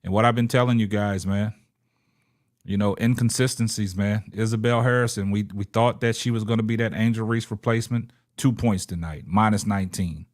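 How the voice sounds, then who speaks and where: Hosting a laid-back sports podcast livestream, this young man speaks fairly quickly in a lowish, steady voice. He gives viewers shout-outs and keeps adding "man" to almost every phrase.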